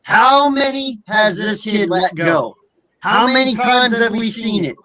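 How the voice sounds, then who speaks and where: A man's voice: sits high, lively intonation, measured pace, sharp tone, rough recording. A man in a heated, profane fan rant, furious and cursing, repeating himself over and over. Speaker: podcast co-host.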